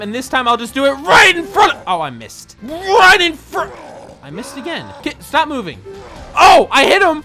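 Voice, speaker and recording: An excitable gameplay commentator who jokes, laughs and often shouts while narrating a game. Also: sits high. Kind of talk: let's-play commentary.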